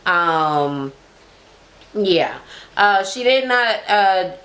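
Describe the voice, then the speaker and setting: A woman's voice: fairly low pitch, animated, extremely slow, fairly bright tone. A woman casually recapping a reality TV episode, swearing heavily and talking in slang, acting out people she quotes in a raised voice. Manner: heavy swearing, slangy, drawling.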